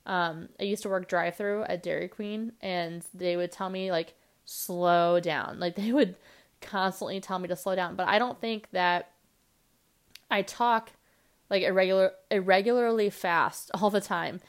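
A young woman hosting her own podcast, talking fast and rambling casually with lots of fillers. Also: mid-range voice, steady tone, clean tone. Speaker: podcast host. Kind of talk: casual solo podcast monologue.

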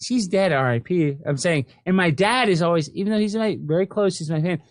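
Fast-talking man, rambling podcast host. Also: sits high, expressive, no echo, clean studio sound. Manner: rambling, lots of restarts and fillers. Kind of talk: casual podcast chat.

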